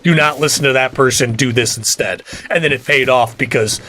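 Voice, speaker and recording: A man's voice: mid-range voice, a little fast, pushed and bright, a little hiss or hum. A middle-aged man, chatting casually on a game livestream and ranting with cussing. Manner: fired-up ranting with cussing and laughs. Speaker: livestream gamer.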